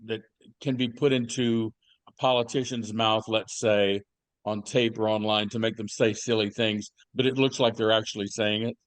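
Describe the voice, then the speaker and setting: A man's voice: fairly low pitch, steady tone, moderate pace, no room sound. A man co-hosting a podcast, chatting casually and telling rambling stories with plenty of fillers and restarts. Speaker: podcast co-host. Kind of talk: casual chat.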